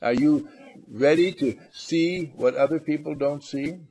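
A man's voice: fairly high pitch, unhurried, darkish tone, a little hiss or hum. A man giving an inspirational talk, playful, acting out little scenes and repeating phrases for emphasis. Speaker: motivational speaker.

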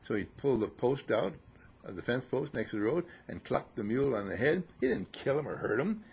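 Male spiritual teacher, gravelly husky voice, lively pitch, teasing and scolding, sermon to disciples. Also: fairly quick. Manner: teasing, scolding, mocking laughter.

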